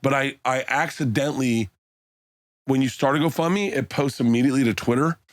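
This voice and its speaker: A middle-aged man spins profane, rowdy stories on a podcast, jumping into a higher voice to play the friends he quotes. His voice sits at an ordinary pitch for a man. The mic is close and the room sounds dry and dead. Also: fairly quick, dry recording. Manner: profane storytelling, acts out friends' lines in a high voice. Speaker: podcast guest. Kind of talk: casual podcast chat.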